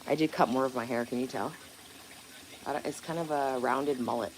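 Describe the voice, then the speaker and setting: A woman's voice: rumbling low, fairly quick. Chatty woman live-streaming outdoors. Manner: rambling, swearing, answers viewer comments aloud. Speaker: livestream host. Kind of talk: casual livestream chat. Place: outdoors by a backyard pond. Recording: outdoor noise in background.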